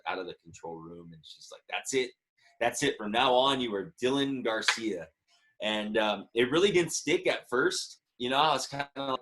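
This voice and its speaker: A man's voice: on the low side, a bit bright. A man in his thirties, a musician guest telling a story in a casual interview, chatty and earnest. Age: 30s.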